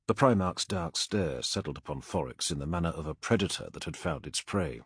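A man narrates an audiobook in a dramatic, measured way with a husky grain. His pitch rises and falls with the action. The recording is dry and close. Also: animated, no echo. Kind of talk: scripted narration.

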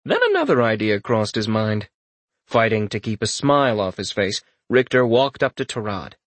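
A man narrates a fantasy audiobook in an expressive storytelling style. His voice sits fairly low, the pace is moderate, and there is no echo.

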